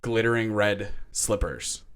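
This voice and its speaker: A man co-hosting a podcast, casually retelling a TV episode with lively asides, acting out characters' lines, laughing often and swearing now and then. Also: lowish voice, measured pace, smooth. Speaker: podcast co-host.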